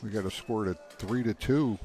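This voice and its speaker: A man doing live pool commentary, relaxed and playing off his co-host. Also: lowish voice, normal speed, faint music behind. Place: pool hall.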